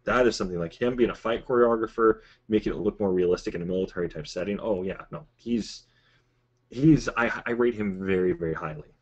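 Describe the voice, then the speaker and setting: A man with a very deep voice, talking as a podcast guest. He rambles and drifts off topic in a loose, conversational way. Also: animated, fairly quick, dull audio. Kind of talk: casual podcast discussion.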